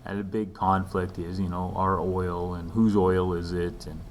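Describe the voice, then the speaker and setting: A man with a very low voice talks through a recorded lesson. He keeps it conversational, scattering ums and dry, self-mocking asides between points. A faint hiss runs under the recording. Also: little pitch movement, unhurried. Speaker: teacher. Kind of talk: recorded lecture walkthrough.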